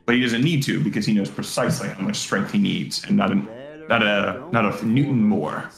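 A man's voice: fairly low pitch, a little fast, vocal fry. A man on a podcast talking through a story in a thoughtful, articulate casual chat. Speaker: podcast guest. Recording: roomy echo.

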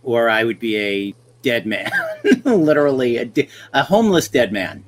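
A man's voice: medium pitch, very animated, moderate pace, slight background noise. A middle-aged man hosting a podcast, telling wry stories in casual chat and acting out the lines of people he quotes. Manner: wry storyteller who acts out quoted lines. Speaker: podcast host.

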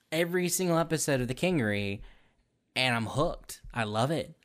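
A man recording a casual message about his audio drama role. He speaks with eager energy and wanders through fillers and restarts. His voice sits at an average pitch. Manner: enthusiastic, rambling, many fillers.

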